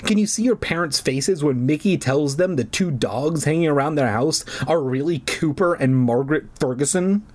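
A man's voice: a little high, animated, normal speed, hardly any pauses. A man voicing a stuck-up young girl who has become a dog, whiny and sarcastic.

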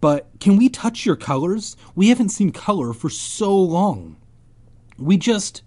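A man reading aloud as a sad, tearful girl with gray skin, pleading in a husky voice. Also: sits high, very animated, unhurried, a little mellow, pitched above the performer's own voice, full character voice. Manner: pleading, quivering.

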